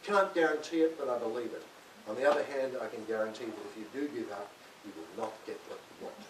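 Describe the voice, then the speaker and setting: A man's voice: medium pitch, fast talker. Older man in an echoey hall. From Australia. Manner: chatty, self-mocking, laughs often. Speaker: author speaking at a library event. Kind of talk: talk to an audience. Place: library hall. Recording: distant, echoey hall with hiss.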